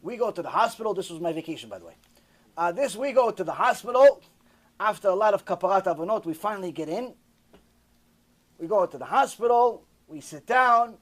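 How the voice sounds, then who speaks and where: A rabbi telling a sermon story in an animated, repetitive way, acting out the dialogue himself. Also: male voice, high voice, brisk.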